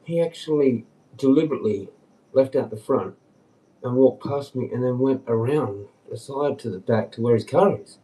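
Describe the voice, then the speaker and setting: A man rambling on a casual livestream, agitated and swearing, dropping to mutters and then jumping up in pitch. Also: normal speed, warm tone. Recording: distant from the mic.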